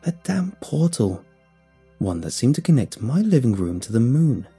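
A man's voice: mid-range voice, sing-song, moderate pace, warm tone, breathy edge, soft background music. A man reading a first-person horror story aloud in a dramatic, suspenseful way.

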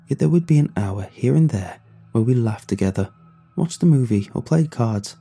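A man narrating a first-person horror story in a hushed, tense and grief-laden way. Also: medium pitch, animated, normal speed, creaky, slightly rough. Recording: soft music underneath.

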